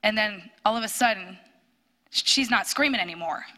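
A woman telling a personal testimony in church, storytelling with animated bursts when quoting. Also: medium pitch, normal speed. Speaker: church speaker sharing a testimony.

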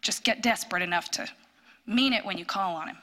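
A woman telling a personal testimony in church, storytelling with animated bursts when quoting. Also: medium pitch, fairly quick. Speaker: church speaker sharing a testimony.

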